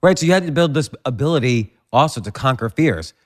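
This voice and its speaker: A man hosting an interview, reflective and halting, building his questions slowly. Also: mid-range voice, animated. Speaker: podcast host, interviewer. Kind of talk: conversational interview.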